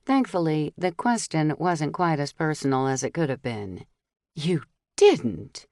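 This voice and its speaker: A woman reading a first-person mystery audiobook, telling the story steadily and clearly while voicing the dialogue. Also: low voice, very animated, normal speed, darkish tone, dry recording, clean studio sound. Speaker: audiobook narrator.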